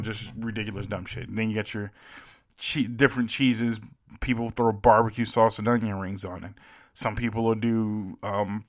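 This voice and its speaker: A man's voice: mid-range voice, a bit bright. A young man hosting a solo podcast, ranting casually and emphatically with plenty of swearing. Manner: profane, emphatic, ranting with laughs. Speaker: podcast host. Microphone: home podcast mic.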